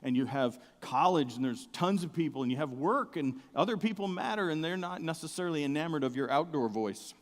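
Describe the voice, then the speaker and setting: A middle-aged man preaching a sermon, with a big outdoor voice, telling stories with humor and swinging from soft asides to loud excited bursts. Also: fairly high pitch, fairly quick, few pauses, big-room sound. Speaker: pastor. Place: church sanctuary.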